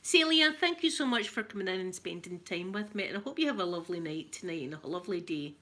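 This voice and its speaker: A Scottish woman with a Scottish accent hosts a casual livestream chat. Her voice is bright and clear-edged, and she talks in a chatty, animated way as she tells stories. She sounds middle-aged. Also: on the low side, fast. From Scotland. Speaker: ASMR channel host.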